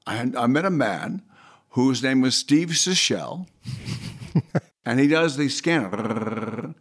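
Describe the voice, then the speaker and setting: An older man chats as an interview guest, his voice bouncing up and down as he tells his stories. He stumbles over his words, doubling them up, and slips into snatches of song. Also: medium pitch. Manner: rambling, repeats words, breaks into sung snippets. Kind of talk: animated storytelling.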